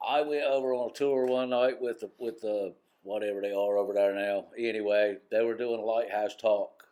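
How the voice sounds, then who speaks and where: A man's voice: on the low side, steady tone, normal speed, warm tone. A man with a Harkers Island brogue, telling rambling fish-house stories to a live audience as co-host. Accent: Harkers Island brogue, coastal North Carolina. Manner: rambling, self-interrupting yarn-spinner. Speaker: storyteller co-host. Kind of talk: live storytelling before an audience. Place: museum parlor talk.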